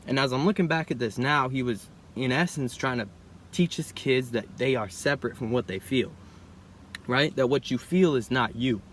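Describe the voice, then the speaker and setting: A man's voice: medium pitch, normal speed, a little hiss or hum. A young man in a casual, reflective monologue, rambling and often tagging lines with "bro" and "right?". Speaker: vlogger.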